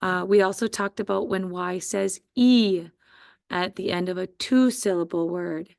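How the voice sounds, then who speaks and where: A woman teacher giving a slow, patient spelling dictation to first graders. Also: fairly low pitch, vocal fry, a little mellow, no echo, clean studio sound. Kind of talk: spelling quiz dictation for young students.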